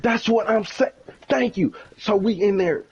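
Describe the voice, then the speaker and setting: A man's voice: high-pitched, measured pace, a little mellow, slightly rough, highs cut off. A young man on a game stream, casually telling a long, profane story and acting out the quoted dialogue.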